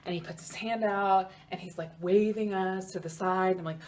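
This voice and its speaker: Here a young woman with an American accent talks straight to her viewers in a casual vlog, chatty and animated, with "like" dropped into nearly every sentence. Her voice sits at a middle pitch, and a faint hum runs behind it. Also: moderate pace. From United States. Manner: chatty, animated, heavy use of "like". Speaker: vlogger.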